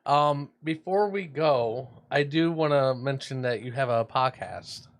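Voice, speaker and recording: A man hosting an interview in casual, relaxed chat, joking with his guest. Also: medium pitch, measured pace. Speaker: host.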